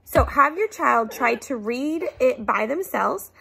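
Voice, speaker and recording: A woman teacher at home in her living room, explaining a reading activity to parents and reading short texts aloud very slowly and clearly. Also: sits high, animated, a bit bright. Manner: reads story text very slowly and clearly, sounding out words.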